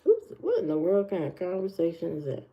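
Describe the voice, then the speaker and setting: A woman with a lowish voice and wildly swooping pitch talks a little fast as she hosts a casual livestream, handing out blunt, opinionated dating advice. She reacts to her viewers in loose live chat, and the audio is muffled and lo-fi.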